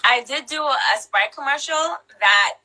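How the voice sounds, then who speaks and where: A woman's voice: high-pitched, normal speed, sharp tone, low-quality recording. A young woman chatting as a guest in an interview, playful and self-deprecating, laughing often. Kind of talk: casual interview chat.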